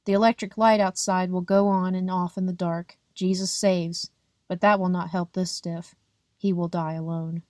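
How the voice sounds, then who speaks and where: A woman narrating a first-person audiobook in a plain, measured, unhurried reading. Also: on the low side, level tone, a little mellow, dry recording, clean studio sound. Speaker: audiobook reader.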